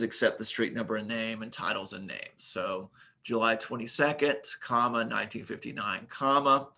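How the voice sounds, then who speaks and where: A man delivering a recorded grammar lecture at an ordinary middle pitch. He reads example sentences aloud and then explains them step by step. He keeps a measured, methodical manner, with the odd "uh" along the way. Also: sharp tone. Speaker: teacher.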